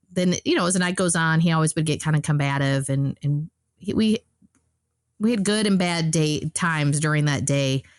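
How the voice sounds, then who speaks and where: Low-voiced woman telling a personal story. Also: dry recording, clean studio sound. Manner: rambling, retells dialogue, many fillers and restarts. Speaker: podcast guest.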